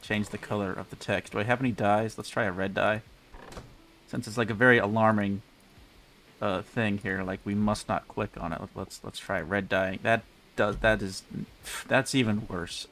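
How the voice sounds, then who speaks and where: A man's voice: fairly low pitch, a bit bright. A man casually rambling through live gameplay commentary, chatty and self-mocking, speaking into a desk mic with a pop filter. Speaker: game streamer.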